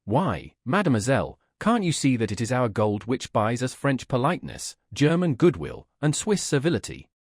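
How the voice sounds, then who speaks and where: A man reading the part of a scornful, sneering English gentleman who lectures with open contempt in an audiobook. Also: medium pitch, very animated, normal speed, few pauses, breathy edge, dry recording, studio quality.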